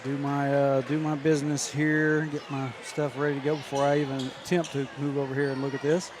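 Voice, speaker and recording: A man's voice: mid-range voice, flat delivery, fairly quick. A man co-hosting a local basketball stream, chatting loosely with fillers between plays. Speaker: color commentator and stream host. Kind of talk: casual broadcast chat. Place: high school gym. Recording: gym noise clearly behind.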